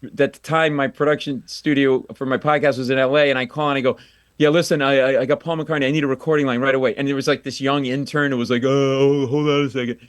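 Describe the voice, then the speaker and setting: A male comedian tells a story on a radio show, animated and quick to mock himself. He acts out every voice in the story. The sound is dry and close to the mic. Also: medium pitch, dry recording. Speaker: comedian guest.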